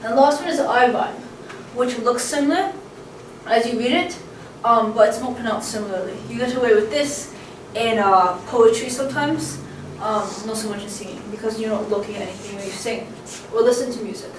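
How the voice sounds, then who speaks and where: Woman teaching poetry, lots of ums, higher voice, faint hum behind. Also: a little fast, recorded from a distance. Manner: chatty, many ums and uhs, chants stress patterns. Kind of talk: casual lecture. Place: room with a camcorder. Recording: echoey room, voice away from the mic, faint background hum.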